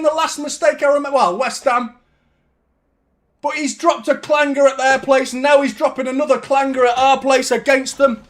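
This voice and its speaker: A man hosting a live fan watchalong, commentating on the match in an excitable, partisan way, swearing and shouting at big moments. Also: very high voice, moderate pace.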